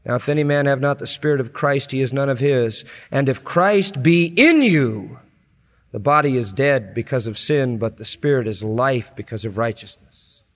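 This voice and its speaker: A male preacher delivering a sermon, reading scripture slowly and building to loud, high-pitched emphasis before dropping back low. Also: steady tone. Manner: emphatic, rising sharply in pitch and volume at climaxes, then dropping low and slow; reads scripture aloud with drawn-out, deliberate phrasing. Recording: long hall reverb.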